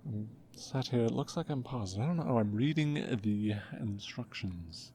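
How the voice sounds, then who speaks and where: A man making his first ASMR video, talking in a soft, half-whispered voice that is hushed and self-mocking, and often apologizing. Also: medium pitch, lively intonation, moderate pace, a little hiss or hum. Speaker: ASMR creator.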